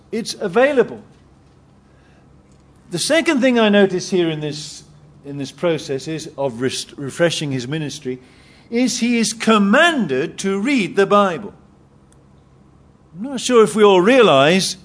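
A man preaching a sermon, emphatic and repeating his key phrases. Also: a little high.

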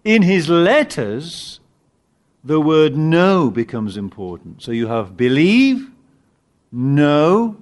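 Male preacher, sermon delivery, animated, emphatic peaks, halting restarts, lively intonation. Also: on the high side. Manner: halting restarts while finding words.

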